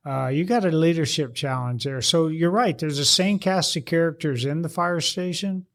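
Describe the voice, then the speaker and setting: Brief: higher-pitched male co-host, animated, rambling storyteller. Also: normal speed. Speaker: co-host, retired fire officer. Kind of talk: casual storytelling chat.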